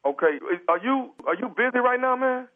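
A man's voice: very high voice, animated, normal speed, voice pushed up. A man playing a sheepish house sitter stuck without toilet paper in a prank call, stammering and hesitant. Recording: tinny phone line.

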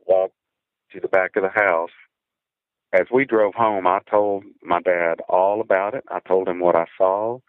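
Telling his own encounter story, a guest speaks in a very low, deep voice over a tinny, thin phone line with no room sound at all. He comes across as earnest and halting, doubling up words under tension before going on.

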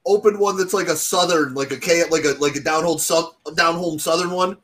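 A man with a notably high voice joins a crude comedy chat with dry, deadpan bits. He plays out complaining customers in a flat, matter-of-fact way. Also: fairly quick.

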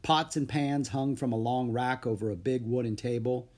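Husky-voiced man reading a children's book. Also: mid-range voice, moderate pace. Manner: expressive storytelling. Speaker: narrator. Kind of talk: children's book read aloud.

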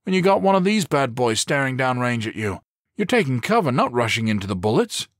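A man's voice: mid-range voice, very animated, a little fast, dry recording, clean studio sound, pitched above the performer's own voice, lightly acted. A man voicing a brash young SWAT officer in his twenties in an audiobook. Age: 20s. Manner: brash, cussing.

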